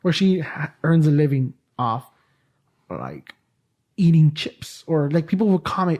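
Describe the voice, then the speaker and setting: A man's voice: on the high side, big pitch swings, unhurried, darkish tone. A middle-aged man hosting a casual podcast chat, rambling and often searching for words. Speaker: podcast host.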